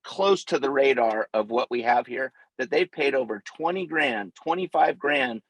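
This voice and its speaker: A man speaking as a guest on a video call, animated and excitable, stumbling over his words as he backs up a sales pitch. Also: moderate pace, breathy edge, dry recording, rough recording. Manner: animated, excitable, stammering restarts. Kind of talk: casual endorsement on a call.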